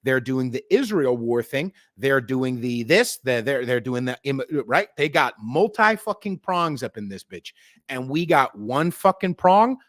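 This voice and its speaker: Middle-aged male podcast host, lively swinging pitch, dry close sound, sarcastic and profane. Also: measured pace, dry recording. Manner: animated, sarcastic, mocks others in put-on voices, swears a lot. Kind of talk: profane political rant.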